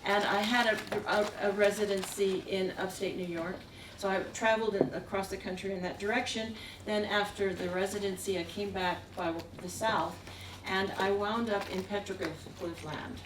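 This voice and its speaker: A woman's voice: medium pitch, fairly even intonation, moderate pace, few pauses. A woman stands at the front of a museum gallery and tells a long, wandering story about her travels as an artist. She chuckles often as she goes. She is far from the mic, and her voice echoes around the room over a faint hiss. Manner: meandering, with frequent chuckles. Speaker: artist giving a talk. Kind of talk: anecdotal storytelling.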